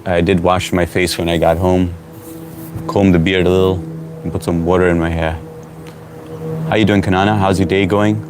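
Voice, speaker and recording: A man hosting a casual live stream, reading out viewer comments and greeting people by name in a relaxed, chatty way. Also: sits low. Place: at home.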